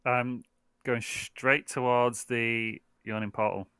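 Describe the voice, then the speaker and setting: A man with a bright, clear voice chats casually as a player in a tabletop game. He sounds relaxed and easygoing. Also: medium pitch, slow, dry recording, clean studio sound.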